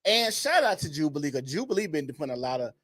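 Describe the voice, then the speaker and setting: A man's voice: fairly high pitch, sing-song, quick pace, fairly bright tone, no room sound. A man co-hosting a podcast, laid-back and opinionated. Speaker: podcast co-host. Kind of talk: casual commentary chat.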